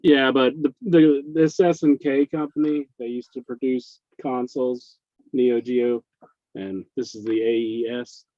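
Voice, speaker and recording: A man's voice: medium pitch, steady tone, a little slow, no room sound, lo-fi sound. A man co-hosting a casual podcast, rambling earnestly through stories. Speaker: podcast co-host. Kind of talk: casual wrestling podcast chat.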